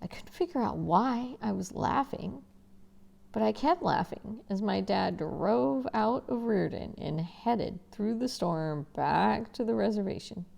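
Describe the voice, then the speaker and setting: A female teacher reads a novel aloud in the first person, sounding expressive and conversational and tossing casual asides to her listeners. Her voice is gravelly and medium-pitched, and she keeps a measured pace.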